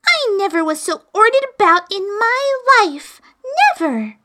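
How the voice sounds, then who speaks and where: A woman voicing a polite, curious young girl in a high, wondering voice. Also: very animated, a little slow, bright, forceful tone, heavily acted.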